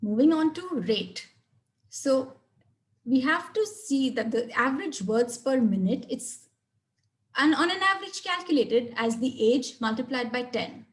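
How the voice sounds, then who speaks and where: A woman with a fairly high voice leads a webinar lesson. She explains step by step in a clear, measured manner and leans on single words to show how stress changes meaning. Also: lively intonation. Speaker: teacher presenting a webinar. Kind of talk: webinar lecture.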